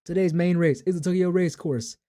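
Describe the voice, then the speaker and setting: A man voicing an excitable race announcer, calling the field in a loud broadcast style. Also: high voice, a little fast, pitched above the performer's own voice, lightly acted. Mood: hyped.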